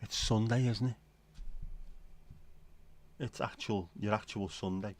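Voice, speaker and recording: A man's voice: fairly low pitch, steady tone, takes it slowly. A middle-aged British man hosting a casual late-night livestream, rambling wryly and chatting to his viewers from home. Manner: rambling, wry, talks to himself. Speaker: livestream host.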